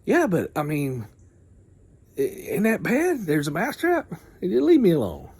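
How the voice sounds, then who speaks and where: A man's voice: high voice, wildly swooping pitch, a little slow, a little mellow, husky, voice pushed up, heavily acted. A man voicing a small, frightened male farm mouse who pleads anxiously with the other animals. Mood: pleading.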